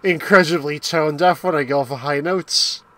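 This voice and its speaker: A man's voice: a little high, normal speed, a bit bright, no room sound. A man bantering casually while streaming a game, joking crudely, swearing a lot and breaking into bits of song. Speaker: streamer and co-host. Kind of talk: casual, profane gaming banter.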